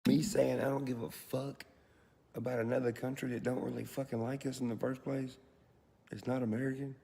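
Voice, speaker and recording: Gravelly, laid-back man talking slang. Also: mid-range voice, level tone, brisk, mellow. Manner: laid-back, profane, talks to the viewer as "bro". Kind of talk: casual opinion clip.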